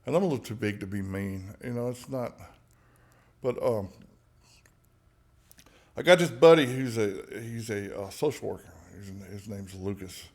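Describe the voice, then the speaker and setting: This podcast guest has a fairly low voice, a moderate pace, and frequent pauses. Blunt and peppered with profanity, he recounts personal experiences in a candid, chatty way, joking along and often starting his sentences over.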